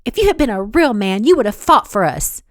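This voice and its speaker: A woman voicing an indignant young woman who shouts in a high, shrill voice during a storybook romance reading. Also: very animated, brisk, dry recording, clean studio sound, close to an everyday voice.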